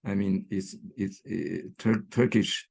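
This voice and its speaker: A man's voice: low voice, fairly even intonation, slow pace, creaky, a little mellow, husky. A man giving an online academic lecture, with many fillers, restarts and "right?" checks, recorded over a computer microphone. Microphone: computer mic on a video call.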